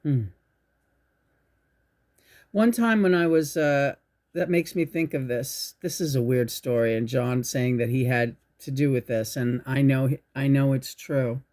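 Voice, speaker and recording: A woman hosting her own channel, telling a spiritual story in a rambling, halting way, restarting her sentences and swearing. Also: a bass voice, steady tone, a little mellow. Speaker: channel host. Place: indoors at home.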